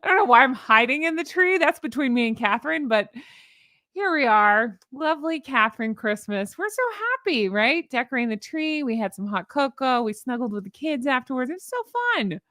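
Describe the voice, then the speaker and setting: A woman's voice: high-pitched, animated, a little fast, pushed and bright, no echo, clean studio sound. A woman hosting her own channel, chatting sarcastically and laughing often as she shows viewers her joke pictures. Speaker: host. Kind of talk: casual commentary vlog.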